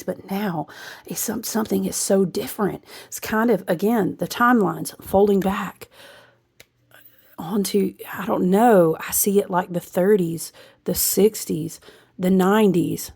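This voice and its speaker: A woman's voice: on the low side, creaky, darkish tone, husky. A woman giving a rambling, intuitive spiritual astrology reading, breaking into asides and laughs. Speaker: astrology reader.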